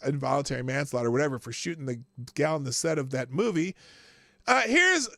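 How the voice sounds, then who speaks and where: Hombre burlón de voz áspera y animada. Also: male voice, on the high side, very animated, a little fast, sharp tone, no echo, studio quality. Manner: crude, mocking, laughs often. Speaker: host of a live commentary show. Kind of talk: casual live political commentary.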